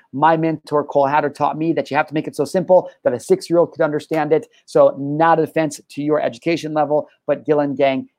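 A man hosting his own live-streamed talk show, talking in an energetic, rambling, upbeat way with loud whoops. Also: mid-range voice, no room sound. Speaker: show host.

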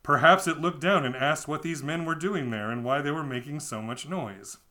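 A man's voice: on the high side, moderate pace, sharp tone. A man co-hosting a comedy podcast, reading a children's book aloud with wry, amused asides.

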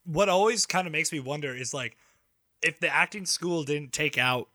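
A young man on a podcast, joking around with quick riffs and mock quotes. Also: fairly high pitch, pushed and bright, no room sound, clean studio sound. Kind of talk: casual chat.

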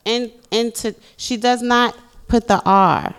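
A woman co-hosting a casual podcast, speaking in a slow, deliberate, teasing way. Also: fairly high pitch, smooth. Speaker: podcast co-host. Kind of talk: casual chat.

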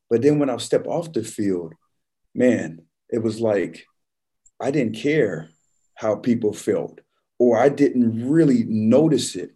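A laid-back man talks in an easy conversational flow, constantly dropping "man" into his stories. His voice is mellow and a little husky, sitting at a middle pitch. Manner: relaxed storyteller, says "man" constantly. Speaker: podcast guest, former football player. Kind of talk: casual conversation, storytelling.

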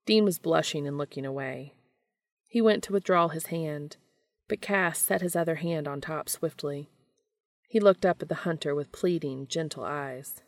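Low-voiced woman reading a story. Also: moderate pace, dry recording, clean studio sound. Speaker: fanfiction reader. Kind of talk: reading fan fiction aloud.

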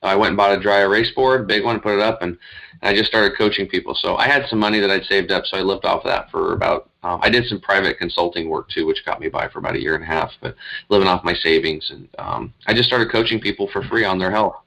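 A middle-aged health coach, his low voice creaky, fast, pushed and bright, tells his story in a casual interview over poor audio. He's earnest but rambling, with frequent fillers and restarts.

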